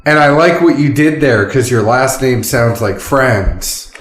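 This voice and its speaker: A man's voice: medium pitch, unhurried, a bit bright. A man co-hosting a casual podcast, joking with friends and rattling off plugs for the show. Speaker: podcast co-host. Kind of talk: casual chat. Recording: echoey room.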